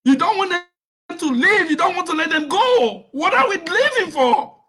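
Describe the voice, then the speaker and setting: A man calling in to a live show, close to tears and agitated, pleading hard and raising his voice. His voice sits high and swoops widely. It sounds bright and tense. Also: lively intonation, moderate pace. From Nigeria. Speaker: caller. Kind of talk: emotional call-in to a live talk show.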